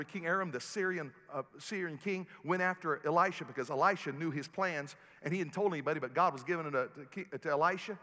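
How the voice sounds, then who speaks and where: High, bright-voiced pastor preaching in a hall. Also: male voice. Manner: builds to loud preaching peaks, then drops low and soft. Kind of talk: sermon. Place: church sanctuary. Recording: long hall reverb, faint music.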